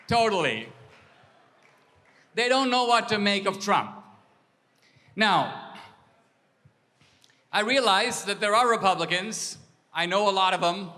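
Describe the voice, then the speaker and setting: Guy speaking in a big hall, high bright voice, animated storyteller, long reverb. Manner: animated storytelling, acts out exchanges. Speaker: political speaker. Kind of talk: speech to an audience.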